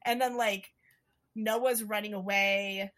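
A woman recapping a movie in casual chat, animated and swearing often, acting out the characters' lines as she goes. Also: mid-range voice, slow.

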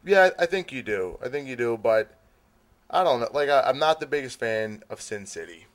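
A man's voice: mid-range voice, animated, normal speed. A man guesting on a podcast, joking around and giving strong opinions in casual chat. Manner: joking, opinionated, self-described big nerd.

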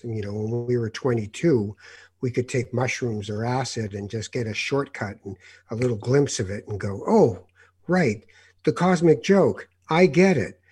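A man's voice: mid-range voice, darkish tone, husky. A man hosting an interview, asking questions and musing thoughtfully in conversation.

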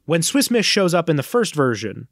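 A man co-hosting a podcast, chatting casually and recounting a story with lively energy. His voice sits a little high for a man. He slips into the lines of the people he describes, and the recording is close and dry. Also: normal speed, no echo. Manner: animated storyteller who acts out quoted lines. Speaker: podcast co-host. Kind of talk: casual chat.

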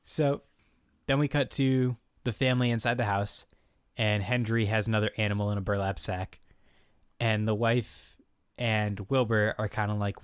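A man's voice: fairly low pitch, normal speed, clear, resonant tone, no room sound. Man casually recapping a show, dry sound. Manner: animated storytelling, acting out lines of dialogue. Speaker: podcast co-host recapping an episode. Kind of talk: casual chat.

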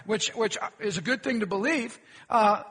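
A man's voice: sits high, normal speed, a bit bright, breathy edge, long reverb tail. A pastor preaching a sermon, questioning his congregation and telling folksy jokes. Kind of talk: sermon with humorous stories. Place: church sanctuary.

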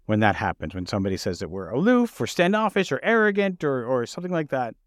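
A man co-hosting a podcast in casual chat, thoughtful and halting, often restarting his sentences and laughing easily. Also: medium pitch, sing-song, no room sound, studio quality. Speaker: podcast co-host.

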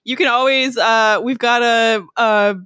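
A woman hosting a podcast in casual chat, playful and quick to laugh. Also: a little high, steady tone, sharp tone, clear, resonant tone, no echo, clean studio sound. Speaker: podcast host.

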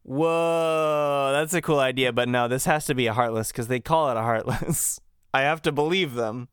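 Man, podcast co-host, smooth resonant voice, dry joking, dead room. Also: medium pitch, brisk, fairly bright tone, no room sound. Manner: dry joking, chuckles often. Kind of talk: casual chat about video games.

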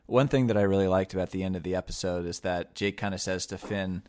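A man with a slightly low voice co-hosts a podcast in a relaxed conversation. He explains and recaps events in an easy, explanatory way. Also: quick pace, hardly any pauses. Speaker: podcast co-host. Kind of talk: casual chat.

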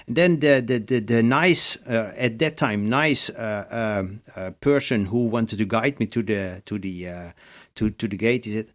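A man co-hosting a podcast who tells a travel story haltingly, with many fillers and restarts. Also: medium pitch. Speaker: podcast co-host. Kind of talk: casual chat.

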